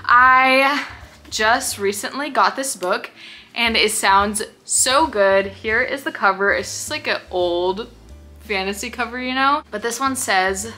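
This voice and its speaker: Woman book vlogger, bright crisp tone, gushing and gasping over each pick. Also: a little high, slow pace, soft background music. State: out of breath. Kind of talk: casual reading vlog.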